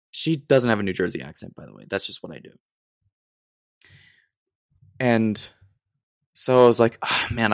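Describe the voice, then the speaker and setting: A man's voice: fairly low pitch, no echo, studio quality. A young man hosting a solo podcast, telling stories in a rambling, self-deprecating way with acted asides. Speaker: podcast host. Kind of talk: casual solo monologue.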